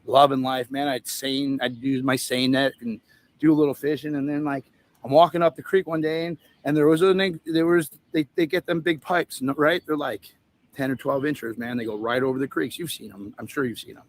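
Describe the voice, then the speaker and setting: A man's voice: medium pitch, steady tone, fairly quick, no echo. A man hosting a livestream in a casual, rambling, profane way, telling stories and laughing at his own jokes. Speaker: livestream host. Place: outdoor event setup with a tent.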